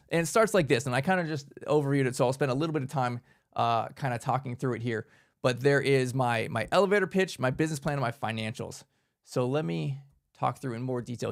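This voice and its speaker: A man giving an energetic, conversational workshop talk, emphatic and upbeat as he presents to a group. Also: fairly high pitch. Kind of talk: casual instructional talk.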